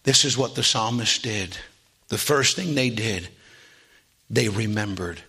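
A man with a husky voice preaches a sermon to a congregation, asking for amens. He builds from steady talk into loud, high, drawn-out preaching.

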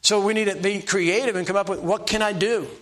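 Older male preacher, high-voiced, homespun and self-mocking, hammers one point again and again. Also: steady tone, a little fast, a bit bright. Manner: folksy, self-deprecating preaching with repeated exhortations. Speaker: pastor. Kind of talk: sermon.

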